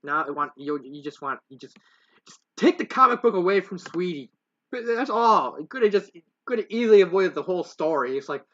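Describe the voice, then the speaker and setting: A man reads fanfiction aloud in a casual, rambling way, stumbling over words and adding self-mocking asides. His voice is bright and a touch higher than most. The recording is dull and lo-fi. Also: animated, brisk. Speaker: fanfiction reader. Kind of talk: casual story reading with asides.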